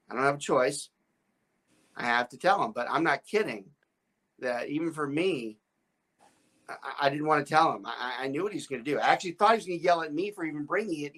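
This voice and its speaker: A man's voice: medium pitch, fairly bright tone. A man, a real estate broker, hosting a podcast and telling a story in a rambling, stammering way with frequent laughs. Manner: rambling, with many restarts and stammered repeats; laughs often while telling stories.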